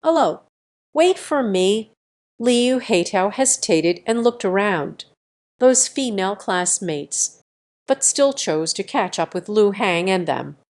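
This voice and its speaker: Woman reading a story out really slow, even mid voice, audiobook style. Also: medium pitch. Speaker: narrator. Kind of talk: scripted audiobook narration.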